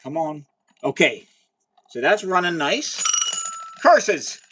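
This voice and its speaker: Male livestream science host, fairly high voice, very lively pitch, enthusiastic and chatty. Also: moderate pace, background noise. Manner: chatty and excitable, talks to viewers, cheers at results. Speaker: livestream host doing chemistry experiments. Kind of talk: casual live science demo.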